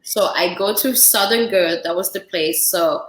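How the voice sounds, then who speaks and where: A woman's voice: fairly low pitch, measured pace. A young woman from Central Africa, a chef and podcast guest, telling a story in casual chat and acting out the dialogue with lots of "like". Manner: animated storyteller, acts out dialogue, frequent "like". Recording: roomy, echoey podcast room.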